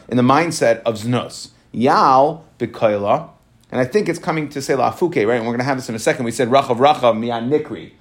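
A man teaching a Talmud class, reading passages aloud and explaining them in relaxed English with frequent "right?" and "okay". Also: mid-range voice. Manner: reads Aramaic quickly, then explains in casual English with many "right?" and "okay".

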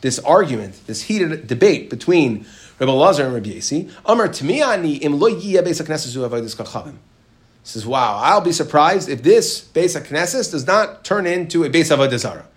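Animated man teaching a Talmud lesson. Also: brisk. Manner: reads Aramaic text then explains in English, animated rises in pitch. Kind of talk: Gemara lesson, reading and explaining.

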